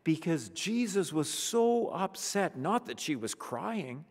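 A pastor preaches a funeral sermon in a church whose long reverb trails every phrase. His delivery is slow and measured, and his pitch rises and falls widely as he moves between emphatic lines and a hushed near-whisper. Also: breathy edge. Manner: expressive preaching, drops to a hushed near-whisper on solemn words. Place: church sanctuary.

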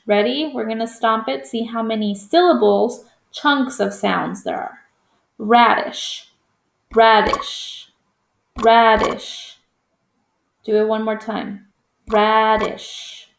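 A woman's voice: fairly high pitch, vocal fry, reverberant. A woman teaching a phonics lesson to young children, patient and encouraging, stretching out each vowel sound.

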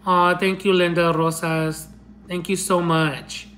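A woman's voice: lowish voice, little pitch movement, takes it slowly, a bit bright, slight background noise, low-quality recording. A young woman hosting a casual livestream, reading out fan messages in an affectionate, rambling way, with Spanish as her first language. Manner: affectionate, calls viewers honey and my love; chatty, rambling with restarts and laughs. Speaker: livestream host.

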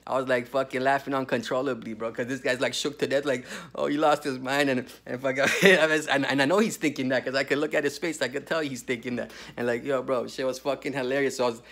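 A man's voice: mid-range voice, steady tone, quick pace, gravelly, few pauses, fairly bright tone. A man ranting through a crude, heated story and tossing in "bro" constantly. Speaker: vlogger telling a prison story. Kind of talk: profane storytelling rant.

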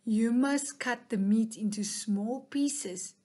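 A woman's voice: on the high side, slow pace, mellow. A woman voicing a proud, selfish little male mouse who gives orders and sneers. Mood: commanding. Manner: commanding, sneering.

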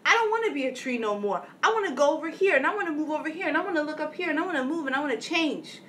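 A woman's voice: high-pitched, lively intonation, a bit bright, recorded from a distance, slight background noise, pitched above the performer's own voice. A woman voicing a restless tree that complains it wants to stop being a tree and wander off. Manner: whiny, rushed, childish complaining.

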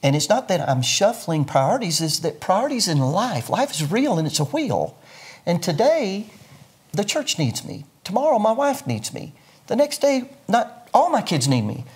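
A man's voice: high-pitched, very animated, moderate pace, husky. An older man, a pastor, explaining his views earnestly in a sermon-like way during an interview. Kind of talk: interview conversation.

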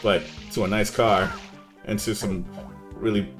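A young man chatting casually on a live gaming stream, laid-back and saying "man" a lot, yelling now and then at the game. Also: lowish voice, fairly even intonation, a little slow, faint music behind.

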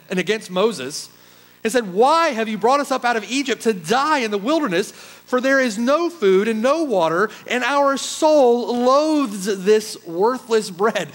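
A man's voice: sits high, a bit bright, low-quality recording. A man preaching a sermon as pastor, emphatic, firing off rhetorical questions to the congregation. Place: church.

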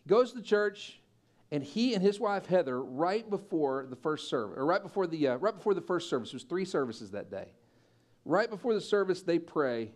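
A man preaching a sermon as pastor, telling a story with lively acted-out quotes and loud peaks. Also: a little high. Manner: animated storyteller, acting out quoted voices and building to loud peaks. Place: church.

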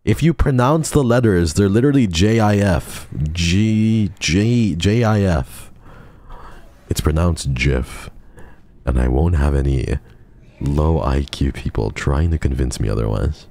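A man's voice: extremely low pitch, expressive, normal speed, creaky, warm tone. A young man streaming a game, bantering with his chat in a profane, teasing way. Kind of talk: casual game stream chatter.

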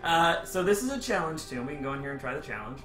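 A man's voice: fairly high pitch, lively intonation, fast. A man playing a co-op video game, joking around, swearing often and laughing a lot. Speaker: co-op game player. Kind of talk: casual gaming chat with swearing. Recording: echoey room with game music behind.

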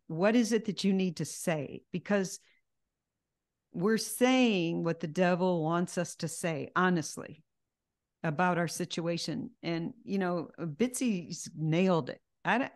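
A woman teaching a Bible study, earnest and emphatic, often repeating her key phrases. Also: fairly low pitch.

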